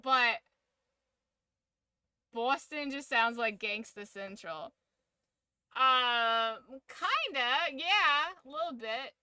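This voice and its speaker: A woman chats casually on a game stream, rambling through jokes and strong opinions. Her voice is very bright and crisp, a touch higher than most. The sound is dry and close, with almost no room echo. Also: expressive. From United States. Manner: rambling, joking and opinionated, quick asides. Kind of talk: casual chat while gaming on stream.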